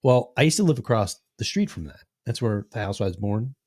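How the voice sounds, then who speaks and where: A man's voice: on the low side, expressive, brisk, a little mellow. A man in his sixties, a podcast host, telling long, profane stories in casual chat and acting out the lines of people in them. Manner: rambling, profane storytelling with acted-out quotes.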